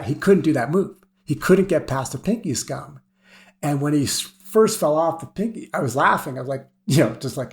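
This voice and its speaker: A man's voice: on the high side, lively intonation, brisk. Rambling middle-aged man telling stories. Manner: rambling, laughs often, heavy on "you know" and "like". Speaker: guest, veteran rock climber. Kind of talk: casual storytelling.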